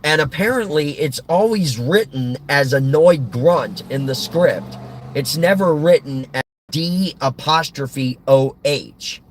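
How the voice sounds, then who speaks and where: A man's voice: a little high, animated, slow, poor audio. A man chatting to his listeners while driving, telling a story casually with a few fillers, recorded in a car. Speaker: radio-style host. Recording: car road noise.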